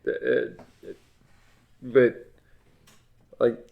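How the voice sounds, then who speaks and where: A man's voice: mid-range voice, big pitch swings, drawn-out words, creaky, narrow, tinny audio. A man chatting casually on a podcast, blunt and jokey, swearing freely. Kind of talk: casual chat.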